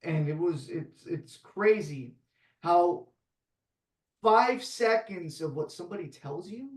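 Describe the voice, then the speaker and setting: A man's voice: sits high, expressive, slow. Heartfelt man in an echoey room. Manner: heartfelt, emotional, casual with "man" and "like". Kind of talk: casual conversation.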